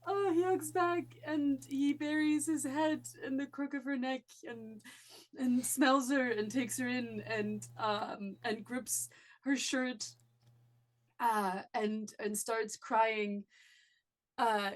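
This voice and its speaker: A woman's voice: fairly high pitch, steady tone, slow. A woman player in a tabletop game, hesitantly describing what her character does, with many fillers. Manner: soft, hesitant narration with many fillers, laughing often.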